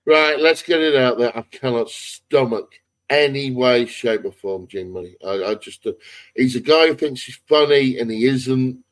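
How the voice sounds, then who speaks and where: A man's voice: medium pitch, moderate pace, poor audio. A man co-hosting a wrestling podcast, giving blunt, rambling opinions in casual chat. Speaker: podcast co-host.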